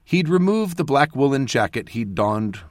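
A man's voice: moderate pace, no room sound. This is a male narrator telling a fantasy story in a scripted reading style. His voice rises and falls a great deal as he moves between characters. The recording is dry and close, with no room sound. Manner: voices characters with lively shifts in pitch and loudness. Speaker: audiobook narrator.

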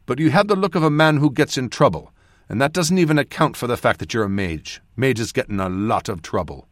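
A gruff warrior companion, glum and flat-voiced, in a storybook reading, as a male narrator puts him on. The lines come out with a lively rise and fall, recorded close and dry. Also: mid-range voice, fairly quick, no echo, natural voice. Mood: teasing.

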